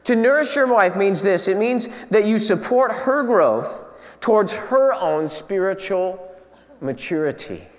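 A man preaching a sermon as pastor, animated and conversational with playful asides. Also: high-pitched, unhurried, in a large hall.

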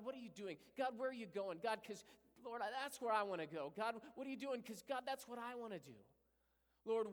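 A man pastoring a church, leading a fervent prayer and preaching a sermon with repeated invocations. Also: high voice. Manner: rising to impassioned preaching. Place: church sanctuary. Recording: long hall reverb.

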